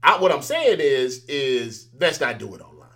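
A man's voice: medium pitch, very animated, normal speed, fairly bright tone. A man as an interview guest, chatting casually and telling stories animatedly, acting out the exchanges he quotes.

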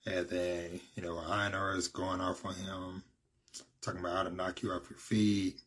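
A man casually recaps a story in a deep, husky voice, filling it with "you know" and "basically." His pitch stays flat and even as he rambles on. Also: normal speed. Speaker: manga recap vlogger.

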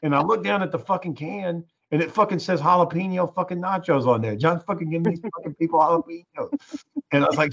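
A man's voice: on the high side, a little fast, vocal fry, breathy edge. A man telling a story in casual chat, swearing often and acting out the voices of the people in it. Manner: profane, animated, acts out quoted voices. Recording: dull lo-fi recording.

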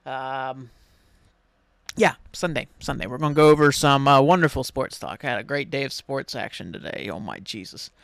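An American man hosting his own solo podcast, rambling excitedly and swearing freely as he chats. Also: mid-range voice, moderate pace, gravelly, no room sound. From United States. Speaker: podcast host. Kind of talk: casual solo podcast chat.

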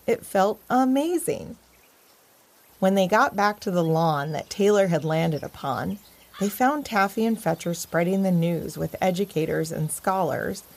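A woman narrating a children's story in a gentle, expressive way. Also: on the low side.

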